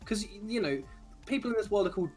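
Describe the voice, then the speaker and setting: A man's voice: high voice, lively intonation, fast talker, darkish tone, soft background music. A young man joining a let's play, trading dry, sarcastic banter. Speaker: co-host guest. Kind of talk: casual gameplay chat.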